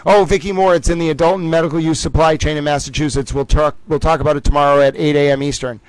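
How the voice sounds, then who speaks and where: A playful man hosts a casual livestream, joking about himself and calling out trivia rounds like a game-show announcer. His voice sits a little higher than most men's, and the sound is dry and close with no room echo. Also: fairly even intonation, quick pace, clear, resonant tone. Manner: playful, jokey, self-mocking. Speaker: livestream host.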